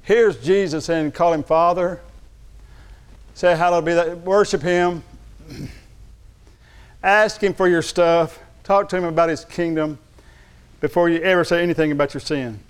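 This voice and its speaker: A man's voice: on the high side, steady tone, measured pace, long pauses, clean tone. A man preaching a sermon as pastor, speaking emphatically and calling on the congregation to respond.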